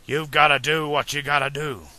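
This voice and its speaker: A man's voice: a little high, steady tone, moderate pace, bright, forceful tone. A man reading an audiobook, voicing an eccentric older male scientist who speaks sternly and urgently. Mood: solemn.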